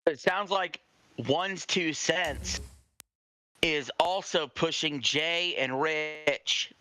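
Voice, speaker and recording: A man's voice: a little high, very slow, bright, forceful tone, a little hiss or hum. A man co-hosting a casual commentary chat, summing things up sarcastically. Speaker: co-host.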